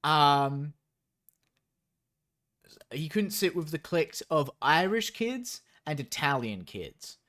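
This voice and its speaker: A man's voice: on the high side, very animated, slow, long pauses, a bit bright. A young man streaming as he reads a story aloud, breaking off into incredulous, profane, sarcastic asides.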